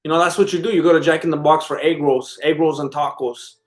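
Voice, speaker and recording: A man's voice: on the high side, steady tone, quick pace. A man hosting a live stream in casual chat, rambling and laid-back as he reacts to viewer comments. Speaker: livestream host.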